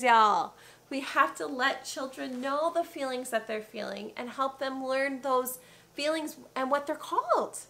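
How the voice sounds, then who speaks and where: A young woman, a preschool teacher giving warm, encouraging advice straight to the viewer in a casual teaching vlog. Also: high-pitched. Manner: acts out soft calm teacher phrases.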